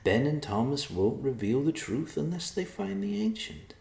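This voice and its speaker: A man voicing a frail, fatherly old man who speaks calmly and soothingly. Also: mid-range voice, takes it slowly, reverberant, voice pushed up, heavily acted. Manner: calm, soothing.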